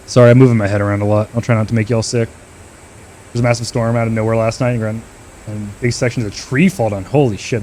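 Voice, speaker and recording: Casual swearing male streamer at mid pitch. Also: a little mellow, a little hiss or hum. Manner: loose, swearing banter with chat and teammates. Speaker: streamer playing a flight simulator. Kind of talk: casual live-stream chat with radio calls.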